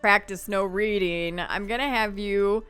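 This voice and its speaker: A woman's voice: mid-range voice, steady tone, a little slow, a bit bright, smooth, faint music behind. A woman giving casual let's-play commentary, chatting to the game characters as she plays. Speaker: gameplay commentator.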